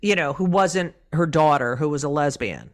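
Profane, animated middle-aged woman comedian. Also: low-pitched, moderate pace. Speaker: comedian guest. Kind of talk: casual podcast interview.

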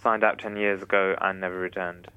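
A man's voice: deep voice, flat delivery, brisk, pushed and bright, clear, resonant tone, no room sound, highs cut off. A man playing a blunt, bored archive clerk who answers the phone in a matter-of-fact way. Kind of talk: comedy dialogue.

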